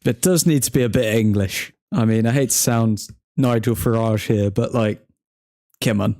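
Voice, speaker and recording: With a fairly low, mellow voice at a moderate pace, a relaxed young livestream host chats casually during a football watchalong. He reads chat, addresses people by name, jokes around, and laughs a lot, all in a dry, studio-quality recording.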